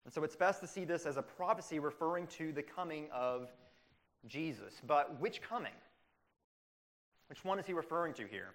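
Male pastor, animated sermon delivery, voice slightly high and swinging widely. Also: moderate pace. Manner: animated, rhetorical questions, acts out quoted voices.

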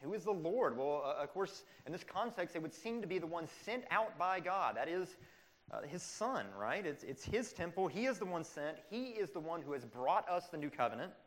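Male pastor, animated sermon delivery, voice slightly high and swinging widely. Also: moderate pace. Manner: animated, rhetorical questions, acts out quoted voices.

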